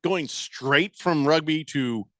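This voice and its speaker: A man's voice: on the high side, slow, pushed and bright, no room sound. A man hosting sports talk radio, chatting casually and joking around with playful exaggeration.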